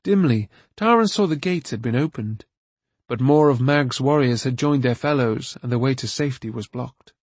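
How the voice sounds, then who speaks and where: An audiobook narrator reads a fantasy novel aloud in a steady, even storytelling manner. His voice is medium-pitched at normal speed, with no room sound in this scripted narration.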